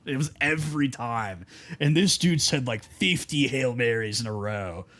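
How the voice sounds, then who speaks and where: A man chatting casually on a live game stream, with a middling voice that is neither high nor low. He rambles through stories, stuffs them with "like", and breaks off to greet viewers in chat. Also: normal speed, fairly bright tone. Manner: rambling storytelling full of "like" and asides to chat.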